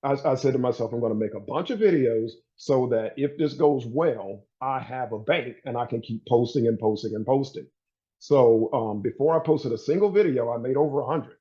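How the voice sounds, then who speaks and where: A laid-back man, a plant-based recipe creator, talking as a guest in a conversational interview, getting animated when excited. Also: mid-range voice, normal speed, lo-fi sound.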